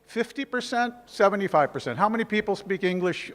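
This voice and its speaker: A man's voice: high-pitched, very animated, fairly quick, hardly any pauses, fairly bright tone, in a large hall. A middle-aged man from New York with an American accent, giving a casual, joking conference talk with many fillers. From New York City. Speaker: conference speaker, instructor. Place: conference hall.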